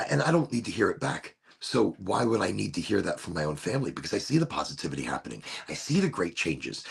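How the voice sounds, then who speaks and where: Gravelly, raspy man musing aloud. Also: mid-range voice, a little mellow. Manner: rambling, philosophical, repeats and restarts phrases. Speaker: show host. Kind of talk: reflective solo talk show monologue.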